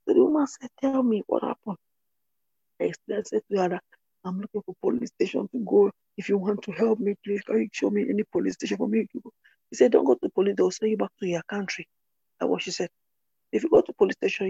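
Gravelly, husky woman. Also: medium pitch, mellow, dry recording. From Cameroon. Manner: earnest, repeats phrases for emphasis. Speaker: interviewee. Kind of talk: personal testimony. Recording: dull, dry lo-fi recording.

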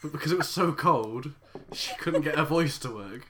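Low-voiced teasing woman podcaster. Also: animated, normal speed, very noisy. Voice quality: teasing, laughs often. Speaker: podcast co-host. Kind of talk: casual chat.

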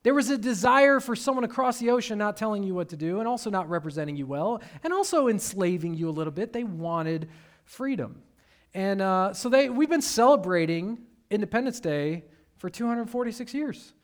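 A man's voice: high voice, lively intonation, brisk. A man from Detroit, Michigan, preaching a sermon as a pastor in a conversational storytelling way with humorous asides.

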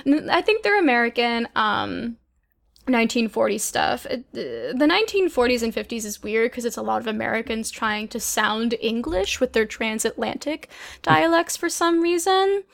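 A woman co-host talks in a high voice in loose, joking conversation. She gets animated and sometimes bursts into loud exclamations. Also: moderate pace, creaky. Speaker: podcast co-host. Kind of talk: casual chat.

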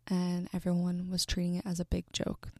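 A young woman in her twenties telling a personal story in an earnest, halting way, with many fillers and restarts, often dropping to a breathy near-whisper. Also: on the low side, monotone, darkish tone, no room sound, studio quality.

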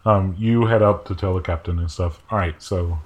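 A man running a tabletop game as game master, talking in a relaxed way with many fillers. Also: low-pitched, moderate pace.

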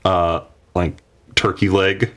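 Slow, deep-voiced man running a game. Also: flat delivery. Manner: halting, many hesitations. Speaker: game master. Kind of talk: narrating a tabletop game.

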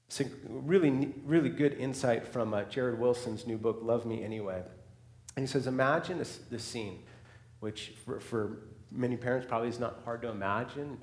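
Male pastor, mid pitch, impassioned sermon delivery that drops to a near hush, roomy echo. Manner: swings from loud and fervent to hushed and soft, with restarts.

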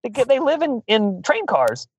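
A man's voice: very high voice, wildly swooping pitch, moderate pace, husky, no room sound. A man telling a long funny story in casual chat, swearing freely and laughing often. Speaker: podcast guest.

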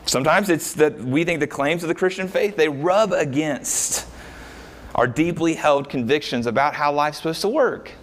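A man serving as pastor preaches a sermon, working through the verses with rhetorical questions and frequent pauses. His voice is a little high.

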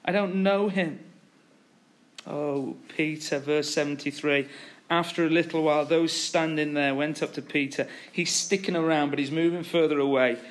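A man preaching a sermon, retelling a story with animated, acted-out quotes. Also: fairly high pitch, normal speed.

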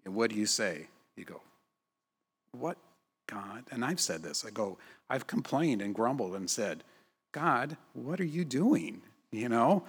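Male pastor, conversational sermon delivery, slightly low and husky, reverberant church hall. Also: a bit bright. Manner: conversational, frequent tag questions.

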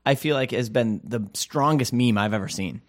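A man's voice: medium pitch, moderate pace, no room sound. Man, podcast co-host, casual rambling chat, dry close sound. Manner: jokey, rambling with fillers.

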